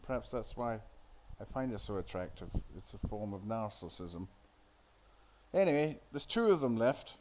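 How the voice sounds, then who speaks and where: A man's voice: lowish voice, animated, normal speed, a little mellow, slight background noise. A man giving casual, rambling commentary on a film he is watching, sardonic and full of swearing. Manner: sardonic, crude, profane, off-the-cuff.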